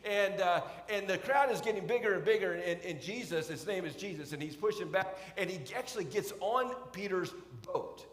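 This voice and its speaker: A man's voice: high voice, moderate pace, few pauses. A man preaching a sermon, telling a story in a loose, conversational way with frequent restarts. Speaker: pastor. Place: church sanctuary. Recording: echoey church sanctuary with long reverb.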